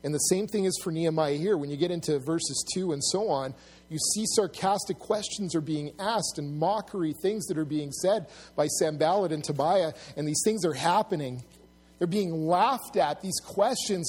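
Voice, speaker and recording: With a husky voice at a moderate pace, a pastor addresses his congregation in an earnest, plain-spoken sermon. He restarts sentences often and gets loud and high whenever he mimics mockers.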